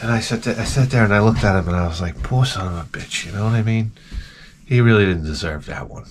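A man's voice: fairly low pitch, fast, slight background noise. A middle-aged man telling rambling, self-mocking stories with casual swearing as a video host.

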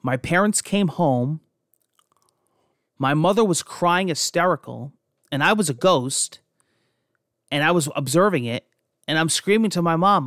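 A young man from New Jersey tells his stories casually, cursing freely and restarting his sentences as he goes. His voice sits on the higher side for a man. The recording is dry and close, with no room sound. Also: lively intonation, moderate pace, fairly bright tone, no echo. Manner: rambling, profane, frequent restarts. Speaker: podcast host. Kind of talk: casual personal storytelling.

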